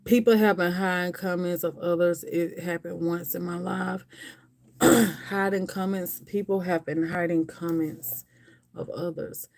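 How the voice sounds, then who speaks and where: A woman's voice: fairly low pitch, steady tone, a little slow, darkish tone. A woman hosting a casual livestream, chatting and rambling straight to her viewers. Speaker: livestream host. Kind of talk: casual chat with live viewers.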